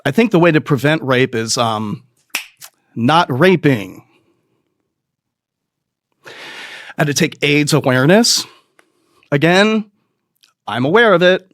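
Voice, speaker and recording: A middle-aged man telling a rambling, profane comic story with quick asides and put-on voices. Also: fairly high pitch, animated, fairly bright tone, no room sound. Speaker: comedian. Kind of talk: stand-up storytelling.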